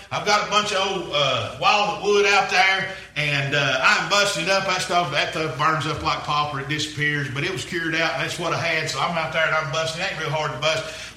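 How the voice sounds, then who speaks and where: Folksy preacher, bright echoey sound. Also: male voice, fairly high pitch. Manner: folksy, rambling, repeats himself. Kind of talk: storytelling sermon.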